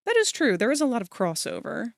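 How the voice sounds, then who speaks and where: A woman's voice: on the high side, huge pitch swings, fast talker, creaky, no echo, clean studio sound. A woman streamer chatting casually while she works live, telling rambling stories and talking to her viewers. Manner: chatty, rambling storyteller, talks to chat viewers.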